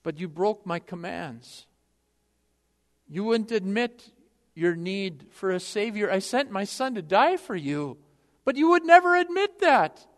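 Brief: God as a quiet, grave judge voiced by a male preacher, long hall reverb. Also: sits high, big pitch swings, measured pace. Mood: solemn. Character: God, solemn stern judge.

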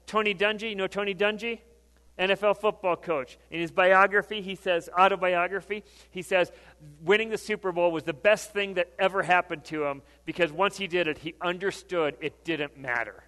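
A man's voice: high-pitched, steady tone, normal speed, bright, forceful tone. A male pastor preaching a sermon, conversational, often asking the congregation questions. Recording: long hall reverb.

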